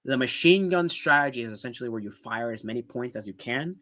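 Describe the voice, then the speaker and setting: A man talks through his reasoning in a relaxed, conversational way, pausing on clips and breaking down each point. His voice sits in an average middle pitch. He restarts sentences and keeps asking "right?" to carry the listener along. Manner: explains step by step, often checks in with "right?". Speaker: apologetics video host. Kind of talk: casual commentary responding to a debate clip.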